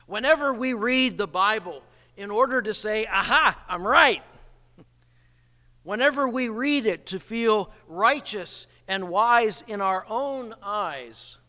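A man preaching a sermon in an animated way, acting out the people he quotes. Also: high voice, measured pace, few pauses. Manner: animated, acts out quoted voices, chuckles at the irony. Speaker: pastor. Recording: reverberant hall.

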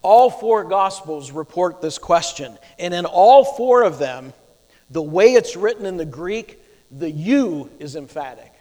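High-voiced man preaching, lots of rhetorical questions, long hall echo. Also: lively intonation, unhurried, dark tone. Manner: emphatic, teaching with rhetorical questions. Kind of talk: sermon.

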